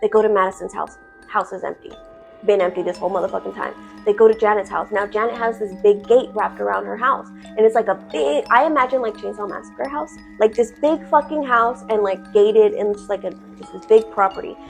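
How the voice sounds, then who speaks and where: A woman's voice: mid-range voice, fairly quick, gravelly, faint music behind. A woman telling a horror story in casual storytime style, chatty, dramatic and full of swearing.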